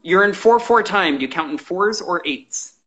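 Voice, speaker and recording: A man hosting a live interview, asking quick-fire questions in a brisk, encouraging way. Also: high voice, expressive, fairly bright tone, poor audio. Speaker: host.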